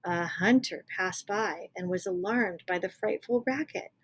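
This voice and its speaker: A woman reading a picture book aloud to children, pausing to explain words in a lively way. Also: lowish voice, breathy edge. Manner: animated, explains words for kids. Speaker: children's storyteller.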